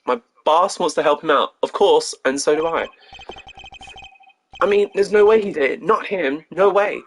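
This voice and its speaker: A British man voicing a nervous, energetic young male rookie lawyer in a put-on American accent, playing through a video game. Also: mid-range voice, moderate pace, slight background noise, lightly acted, poor audio. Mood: eager. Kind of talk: game playthrough voice acting.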